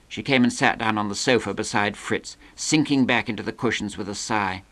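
A man reading a novel aloud in a measured, understated narration. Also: fairly low pitch, a bit bright. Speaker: reader.

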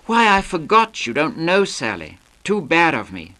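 A man's voice: fairly high pitch, wildly swooping pitch, measured pace, pushed and bright, voice pushed up, exaggerated voice. A smug young charmer who stretches his words into a languid, self-satisfied drawl, as a male reader plays him. The voice sits a little above the reader's own.

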